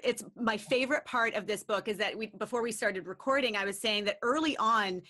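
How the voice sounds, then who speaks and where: A woman's voice: medium pitch, fairly quick, bright, forceful tone. A woman podcast host talking enthusiastically and casually in interview chat, now and then swearing.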